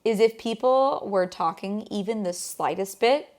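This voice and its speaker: A woman's voice: mid-range voice, unhurried, a little mellow. A woman telling her husband about a recent outing in a casual chat, rambling and restarting as she goes. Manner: chatty, rambling storyteller with many restarts. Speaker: co-host.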